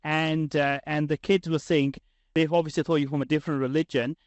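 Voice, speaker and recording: A man hosting a podcast, earnest and a bit halting as he gathers his thoughts. His voice sits somewhat high for a man. The recording is dry and close. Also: flat delivery, clean tone, dry recording. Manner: earnest, many fillers and restarts. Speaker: podcast host. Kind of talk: casual conversation.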